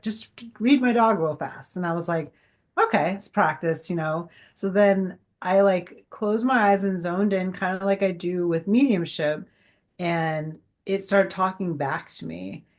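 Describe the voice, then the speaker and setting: Woman in her 40s, guest on an interview, kinda low voice, rambles a lot and acts out what people said. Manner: chatty and rambling, many fillers, re-enacts conversations. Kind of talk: casual interview chat.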